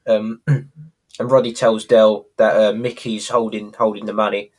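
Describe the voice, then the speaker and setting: A man's voice: fairly low pitch, level tone, unhurried, a little mellow. A man chatting casually as podcast co-host, retelling a sitcom episode and acting out the characters' lines.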